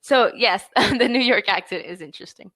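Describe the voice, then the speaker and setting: A woman's voice: medium pitch, vocal fry, fairly bright tone, no room sound. Woman tutor coaching English pronunciation. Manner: friendly, patient coaching, models sounds slowly. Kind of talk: online English lesson. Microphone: video call.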